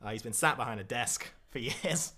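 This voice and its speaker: A man's voice: medium pitch, moderate pace, very noisy. A man narrating a tabletop game as game master, describing scenes loosely with fillers.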